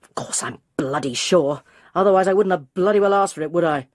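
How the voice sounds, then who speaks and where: A woman's voice: on the low side, brisk, darkish tone, dry recording, studio quality, close to an everyday voice. A woman playing a surly drunk man. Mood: irritable. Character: drunk, unshaven male dentist, surly.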